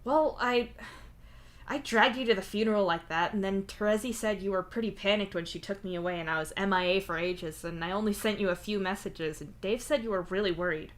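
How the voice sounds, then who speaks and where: A woman's voice: mid-range voice, fairly quick, lightly acted. A woman voicing a sore, whiny male troll who complains dramatically. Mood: apologetic. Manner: whining, exaggerated grumbling.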